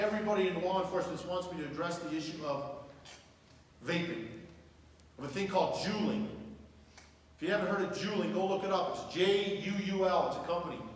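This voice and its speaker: A middle-aged man with a Southern US accent speaks earnestly to a school crowd, his voice sitting a little high. He is heard from far off in a big echoey hall, with a long reverb tail and faint background noise. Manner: earnest, emotional storytelling. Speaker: guest speaker. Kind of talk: public speech to a school audience. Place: large hall.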